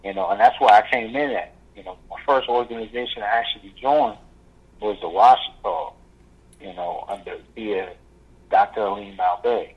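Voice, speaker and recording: A man telling his story as an interview guest, rambling and halting with many fillers. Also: lowish voice, breathy edge. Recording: muffled lo-fi audio.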